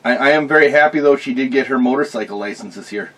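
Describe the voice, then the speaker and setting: A man's voice: medium pitch, fast, fairly bright tone, recorded from a distance, rough recording. A man bantering on a podcast, cussing and throwing in punchlines. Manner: joking, cussing, interrupting with punchlines. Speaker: podcast co-host. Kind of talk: casual banter.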